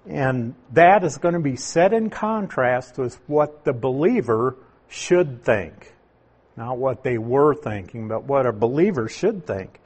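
A man preaching a sermon, teaching through a Bible passage in a slow, deliberate way with emphatic stresses. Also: fairly high pitch, breathy edge. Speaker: pastor.

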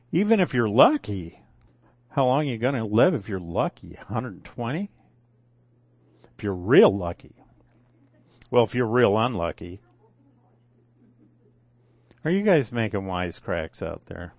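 An older man giving a conversational sermon at a very slow, deliberate pace, drawling through folksy asides and stopping to correct himself. His voice sits at a middle pitch and sounds dry and close, with little room around it. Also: no echo. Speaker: preacher.

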